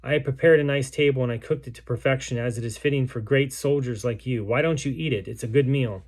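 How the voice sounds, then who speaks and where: A man's voice: medium pitch, fast, a little mellow, natural voice. A man reading aloud the words of a starving, grief-stricken mother in a besieged city, in a solemn, pleading way. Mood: bitter, accusing.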